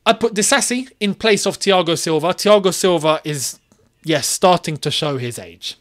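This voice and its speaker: A man hosting his own football channel, ranting in an animated, exasperated way and firing off rhetorical questions. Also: high-pitched, moderate pace. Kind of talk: solo football opinion vlog.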